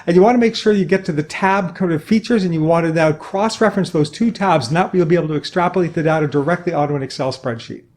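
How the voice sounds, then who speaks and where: A man playing a rapid-fire tech support rep. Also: sits high, a little mellow, natural voice. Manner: rapid, rattling off steps without pause. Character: fast-talking male tech support rep, jargon-heavy.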